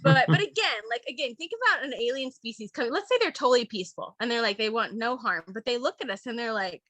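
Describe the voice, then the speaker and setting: Bright, dry-sounding woman doing stand-up. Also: a little high, animated, fast, no room sound. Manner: rambling, laughing at own jokes, candid. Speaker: stand-up comic. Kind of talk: stand-up comedy set.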